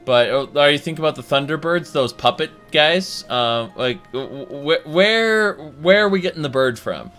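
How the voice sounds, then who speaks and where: Bright-voiced man rambling on a stream. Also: fairly high pitch, lively intonation, normal speed, hardly any pauses, faint music behind. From Colorado. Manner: rambling, swears casually, many fillers. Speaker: stream host. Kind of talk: casual chat.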